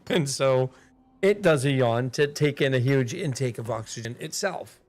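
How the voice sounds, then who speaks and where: A male game streamer at a medium pitch talks in a loose, rambling way, half to himself and half to his viewers. Faint music plays behind him. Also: measured pace. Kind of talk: casual thinking aloud while gaming.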